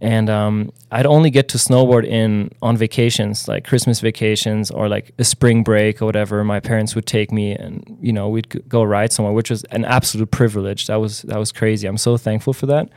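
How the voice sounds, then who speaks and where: A man's voice: lowish voice, little pitch movement, a little fast, few pauses, darkish tone, no echo, clean studio sound. A man from Germany telling stories as a guest on a podcast, laid-back and full of "like" and "um". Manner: laid-back, fills speech with "like" and "um". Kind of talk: casual interview chat.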